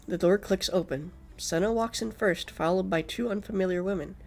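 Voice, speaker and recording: A man's voice: high-pitched, moderate pace, gravelly, hardly any pauses, faint music behind. A man streaming a game, reading it aloud and chatting casually, sleepy and yawning, swearing often. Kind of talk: game stream chat and narration.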